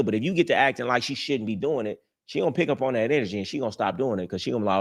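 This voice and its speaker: A young man with a medium-pitched voice hosts a livestream, firing off casual dating advice with hardly any pauses. His manner is brash, boastful, and profane, full of street talk.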